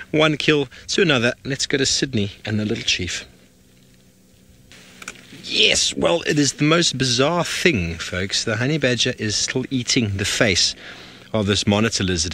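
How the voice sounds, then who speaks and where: A man hosting a live wildlife broadcast from a game drive. His voice has a crisp, bright edge, and he narrates in an animated way, often turning to address the audience directly. He sounds like he is outdoors in the bush. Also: mid-range voice. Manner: animated, speaking to viewers directly. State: out of breath. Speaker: safari guide presenting a live broadcast.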